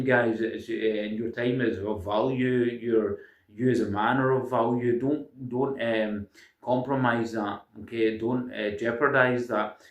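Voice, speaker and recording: A man's voice: fairly low pitch, echoey room, distant mic. A man giving insistent self-improvement advice to his viewers, hesitating often with ums and uhs. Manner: insistent, lecturing, constantly says "guys". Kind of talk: casual monologue to camera.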